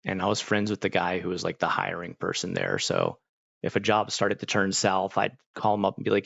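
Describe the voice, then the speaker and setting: A man's voice: low-pitched, animated, brisk, creaky, no echo, highs cut off. A man telling rambling stories with many fillers as he chats casually with viewers. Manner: rambling, storytelling with lots of fillers. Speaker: streamer.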